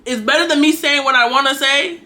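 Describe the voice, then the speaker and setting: A young adult woman with a high, sharp voice speaks a little quickly as a faith vlogger. She gives her viewers a casual, preachy monologue that is earnest and chatty, mixing exhortation with conversation.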